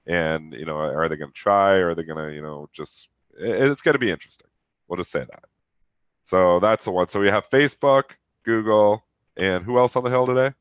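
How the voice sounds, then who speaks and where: A man's voice: sits low, brisk, clean tone, dry recording. A man in his thirties with a nasal, stuffed-up voice from a cold, co-hosting a live market show in casual, rambling trader talk. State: congested with a cold. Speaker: trading show co-host.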